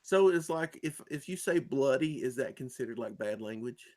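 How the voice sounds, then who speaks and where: A man's voice: mid-range voice, animated, moderate pace, a little mellow, dry recording. A man chatting casually in a gaming voice chat, curious and teasing. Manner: curious, laughs easily, teasing.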